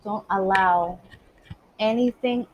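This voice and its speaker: Woman, casual monologue, blunt and streetwise, medium pitch. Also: takes it slowly, lo-fi sound, slight background noise. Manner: emphatic, streetwise, swears freely. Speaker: spiritual vlogger.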